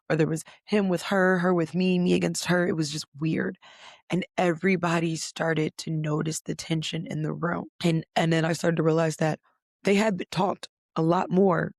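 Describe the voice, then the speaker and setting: Gravelly-voiced young woman telling a personal story. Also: low voice, no room sound, studio quality. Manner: candid, conversational, frequent "like" and "um", occasional swearing. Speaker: podcast host.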